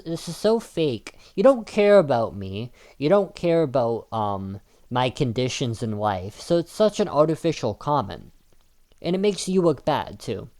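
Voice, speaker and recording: Man, argumentative monologue, combative, halting restarts, mid-range voice. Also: medium pitch, darkish tone. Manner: argumentative, combative, frequent restarts and filler ums. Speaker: video commentator. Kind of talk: opinion monologue.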